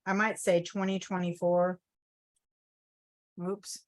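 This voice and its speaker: A woman's voice: medium pitch, measured pace, a bit bright. A woman teaching a screen-share tutorial at her desktop computer. She talks in a chatty way, keeps calling her viewers "you guys" and checks in with "okay?". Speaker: travel agent trainer.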